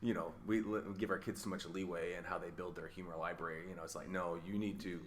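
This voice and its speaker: A man's voice: low-pitched, steady tone, fast talker, slight background noise. A middle-aged man hosting a podcast, chatting casually and going off on rambling tangents. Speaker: podcast host. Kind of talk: casual conversation.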